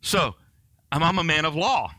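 Bright-voiced joking male pastor. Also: a little high, sing-song, normal speed, no echo. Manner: joking, self-mocking, conversational preaching. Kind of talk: sermon.

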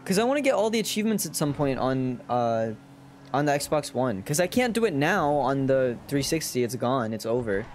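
A man's voice: mid-range voice, big pitch swings, normal speed, slight background noise. A man giving casual, chatty gameplay commentary as a streamer, rambling and giggling.

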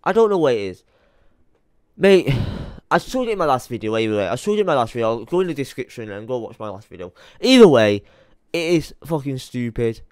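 Tired young guy ranting n swearing at his pc, smooth clear voice, dry close sound. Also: mid-range voice, big pitch swings, a little fast, a little mellow, no echo. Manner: swearing, rambling, muttering to himself while searching his computer. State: tired late at night. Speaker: YouTuber. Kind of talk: frustrated rant to camera.

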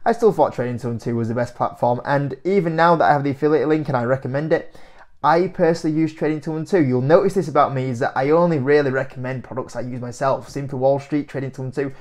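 A young investing YouTuber talks casually to the camera at medium pitch and a fast clip. He's animated and incredulous, laughing often as he reacts to comments.

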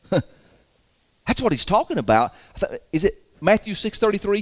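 A man's voice: fairly high pitch, sing-song, normal speed. A man preaching a sermon to his congregation in a folksy, emphatic way, chuckling often. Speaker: pastor. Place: church sanctuary.

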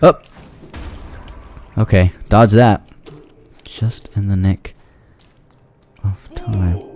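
A man's voice: on the low side, fairly even intonation, very slow, dark tone, slight background noise. A man giving goofy gameplay commentary, talking back to the enemies on screen, yelping and pleading with them when the fight goes badly. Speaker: let's play commentator.

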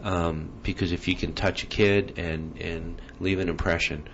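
Deep-voiced measured male show host. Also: steady tone, gravelly, fairly bright tone. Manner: measured, with hesitant ums. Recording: dull lo-fi sound with faint hiss.

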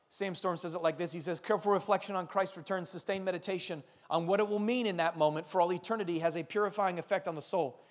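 A man in his thirties preaching a sermon as a pastor, urging his listeners with animated, earnest exhortation. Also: sits high. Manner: animated storytelling, urgent exhortation.

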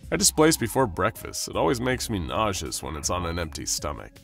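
A man's voice: deep voice, huge pitch swings, brisk, gravelly, fairly bright tone, faint music behind, exaggerated voice. A man voicing a drowsy, whiny, lazy young male dimension hopper with a cheeky streak. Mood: groaning.

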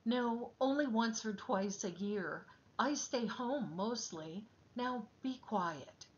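A woman's voice: on the high side, lively intonation, takes it slowly, highs cut off. A woman voicing a vain, chatty male parrot in a storybook reading, proud and a little bossy. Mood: pleased.

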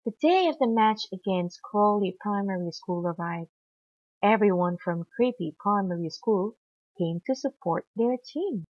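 A woman reading a children's picture book aloud in an animated, expressive manner. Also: mid-range voice, measured pace, no room sound, muffled recording. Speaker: storyteller.

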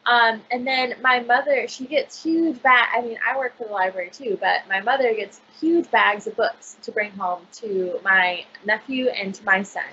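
A woman's voice: fairly high pitch, normal speed, few pauses, bright, forceful tone, highs cut off, a little hiss or hum. A woman librarian chatting casually on a video call, gushing about picture books with lots of fillers. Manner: bubbly, gushing, filler-heavy.

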